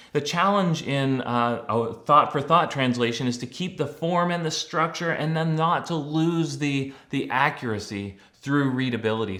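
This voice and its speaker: A man speaking to his audience, explaining things in a relaxed, conversational way, with frequent small restarts and fillers. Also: medium pitch. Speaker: Christian blogger and teacher. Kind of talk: casual explanatory talk to camera.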